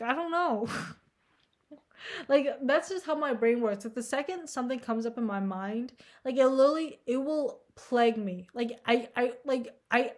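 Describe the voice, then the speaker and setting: A young woman vlogging in a casual, rambling monologue, anxious and self-deprecating, filling her talk with "like" and swearing. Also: fairly high pitch. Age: young adult. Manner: rambling, heavy "like" filler, frequent swearing.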